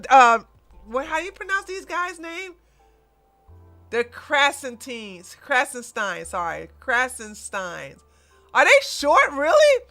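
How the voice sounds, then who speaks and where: A woman streamer chats through a casual commentary stream with a bright, sharp voice. Her tone is crisp and clear, and the sound is dry and close. She laughs often and gets animated as she reacts. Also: a little high, no room sound. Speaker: livestream host.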